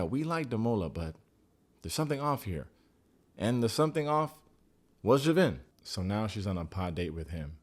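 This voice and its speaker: An American man giving a casual, joking recap of a reality dating show, blunt and sarcastic, swearing freely. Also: fairly low pitch. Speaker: TV recap reviewer.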